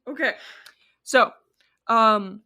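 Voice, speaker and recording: A woman's voice: a little high, extremely slow, sharp tone. A woman co-hosting a casual film podcast, rambling and correcting herself with many fillers. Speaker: podcast co-host.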